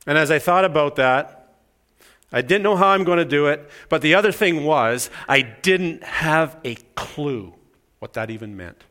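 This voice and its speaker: Conversational male preacher, slightly high. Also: animated, moderate pace, a bit bright. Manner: conversational, self-deprecating, acts out voices in anecdotes. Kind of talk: sermon with storytelling.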